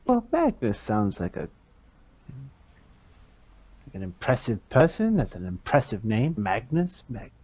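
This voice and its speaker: A man voices a fussy, pompous young lord in a tabletop game. He talks in hesitant, affected phrases with a lively pitch. The sound is dry and slightly dull. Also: unhurried, long pauses, husky, dry recording, exaggerated voice. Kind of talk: tabletop role-play.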